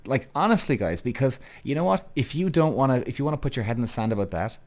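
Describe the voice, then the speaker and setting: This podcast host, a man in his thirties, rants fast and heatedly on his own show, his medium-pitched, darkish voice full of lively intonation. He swears often, repeats himself, and keeps addressing listeners as "guys."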